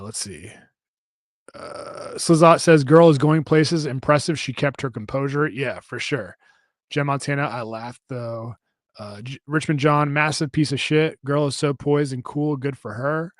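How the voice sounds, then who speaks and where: A man's voice: mid-range voice, no room sound. Rambling casual man on a dry podcast mic. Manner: rambling, profane, many fillers and restarts. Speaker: podcast co-host. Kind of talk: casual live-stream chat reading comments.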